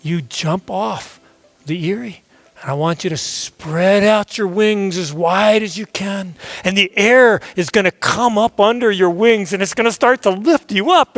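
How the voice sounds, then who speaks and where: A man's voice: high voice, a bit bright, no room sound, heavily acted. A man voicing a patient mother eagle who coaxes and reassures her chick. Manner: coaxing, reassuring.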